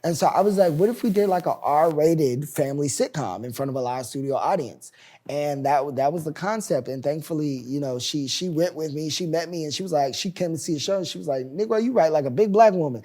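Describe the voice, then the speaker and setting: In a relaxed interview, a twenty-something playwright and showrunner from the United States talks a little fast as he recounts his story. He's animated and full of expression, loudly performing the voices of those he quotes with big jumps in pitch and volume.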